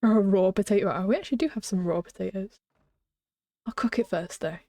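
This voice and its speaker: A young woman chatting casually while streaming a game at home, giggling and often dropping to a hushed whisper. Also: mid-range voice, fairly quick, dry recording. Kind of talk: casual live-stream chat. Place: small room at home.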